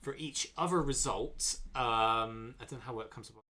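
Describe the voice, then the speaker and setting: A man's voice: mid-range voice, normal speed, bright, forceful tone. A man playing a card game with friends over a stream, chatting casually and explaining card rules at length with self-deprecating jokes.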